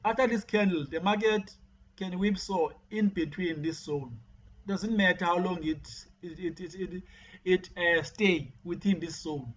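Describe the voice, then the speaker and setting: A man giving a screen-share trading tutorial, often repeating words and restarting his sentences. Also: high-pitched. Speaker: forex trading teacher. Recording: dull lo-fi mic with faint hiss.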